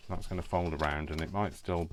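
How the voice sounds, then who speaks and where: A man's voice: deep voice, steady tone, a little fast, noisy background. A man hosting a casual crafting tutorial at home, chatty and self-correcting, drifting into rambling asides.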